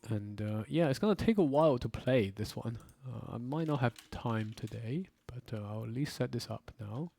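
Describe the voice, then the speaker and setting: A man's voice: mid-range voice, normal speed, gravelly, hardly any pauses. A man hosting, chatting casually through a board game setup. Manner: relaxed, chatty, with fillers. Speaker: host.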